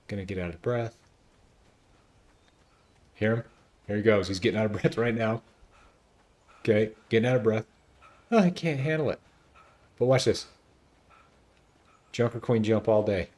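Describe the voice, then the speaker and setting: Low voiced guy streaming a game, jokes around and thinks out loud a lot. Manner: chatty, joking, thinks out loud. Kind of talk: casual gameplay commentary.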